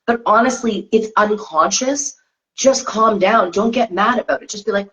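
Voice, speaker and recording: A woman's voice: mid-range voice, normal speed, fairly bright tone. A woman talks earnestly, repeating her phrases as she coaches listeners through a casual spiritual chat. Her voice sits in a middle range. The sound is a little dull and lo-fi, as if it comes over a video call. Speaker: co-host of tarot reading show.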